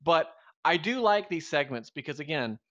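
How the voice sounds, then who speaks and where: A man's voice: fairly high pitch, lively intonation, moderate pace, bright, forceful tone, lo-fi sound. A man in his thirties from the Southern US, co-hosting a live stream in a wry, rambling, joking way. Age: 30s. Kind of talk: casual live stream chat.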